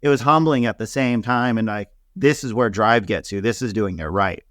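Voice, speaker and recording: A man, a hairstylist guest in an interview, telling casual stories with an animated, chatty manner and lots of filler words. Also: fairly low pitch, moderate pace, no room sound, studio quality. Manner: animated, laughing storyteller with many fillers.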